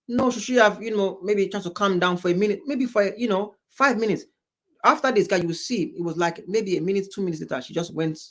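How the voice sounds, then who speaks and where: Rambling African man reacting to clips. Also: sits high. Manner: rambling, repeats himself, exasperated asides. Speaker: commentator reacting to a debate show. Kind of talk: casual reaction commentary.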